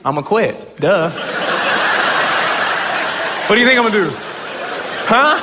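A man giving a humorous, self-mocking storytelling talk as a motivational speaker, often breaking into excited shouts. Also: sits high, drawn-out words, pauses often, in a large hall, noisy background.

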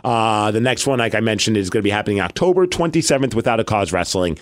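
Man, thirties, podcast co-host, animated storyteller, lively pitch, dry close mic. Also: fast talker, dry recording. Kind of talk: casual chat, storytelling.

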